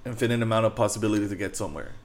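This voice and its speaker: A young man with a fairly low voice talks in a loose, rambling way on a podcast. He swears freely and drops "bro" and "dude" into nearly every sentence, and his story drifts as he goes. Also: very fast. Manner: rambling, laid-back, swears a lot, says "bro" and "dude". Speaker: podcast co-host. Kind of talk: casual chat.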